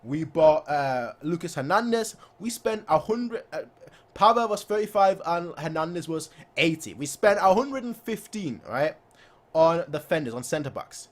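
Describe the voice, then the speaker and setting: A young man talks excitedly as a fan channel host, boasting and hammering the same phrases again and again. His voice sits high and leaps all over the place as he chats. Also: a little slow. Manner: animated, boastful, repeats phrases, acts out players' voices. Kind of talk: excited post-match fan chat.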